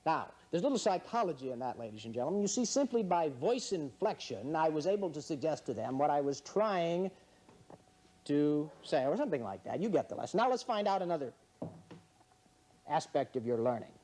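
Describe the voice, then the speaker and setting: A man's voice: on the high side, very animated, a little fast, darkish tone. Wry, teasing male quiz-show host. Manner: wry, teasing, mock-serious. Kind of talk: joking quiz-show hosting. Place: in front of a studio audience.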